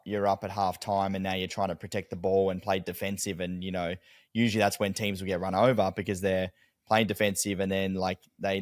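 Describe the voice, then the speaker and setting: Low-voiced man, dry close sound. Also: dry recording. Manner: animated storytelling, heavy swearing. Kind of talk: casual chat.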